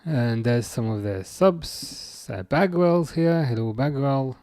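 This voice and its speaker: A man hosting a live football watchalong, reading chat messages aloud and answering them in a chatty, halting way full of fillers and restarts. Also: medium pitch, animated, darkish tone. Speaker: livestream host reading chat.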